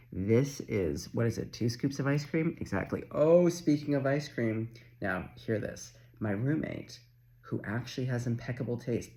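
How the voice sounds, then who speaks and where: A man from Canada doing a casual, chatty tarot reading, excitable and quick to swear. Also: fairly low pitch, vocal fry. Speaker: tarot reader.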